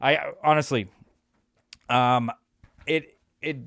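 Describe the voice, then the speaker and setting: A man's voice: medium pitch, steady tone, slow pace, gravelly, fairly bright tone, dry recording. A man hosting a podcast, rambling through a crude, sarcastic comedic monologue full of restarts. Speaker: podcast host.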